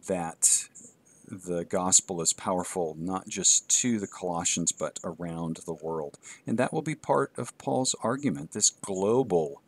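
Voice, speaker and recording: A man with a low voice teaches a Greek course in a recorded lecture. He speaks in a measured, halting way with fillers, reading Greek aloud and then translating it.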